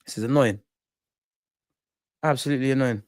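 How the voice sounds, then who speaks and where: A young man hosting a live football watch-along, chatting casually, reacting to play and reading out comments, sometimes muttering and sometimes shouting at the referee. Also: mid-range voice, moderate pace, no room sound, clean studio sound. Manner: animated, swings from muttering to shouting at the ref.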